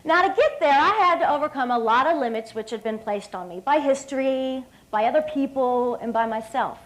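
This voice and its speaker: A woman in her thirties from West Virginia speaks at a podium microphone on an evening banquet stage. Her high voice carries an upbeat, emphatic storytelling drive as she addresses the room. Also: animated, fairly quick, low-quality recording. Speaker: hall of fame speaker. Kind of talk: public speech.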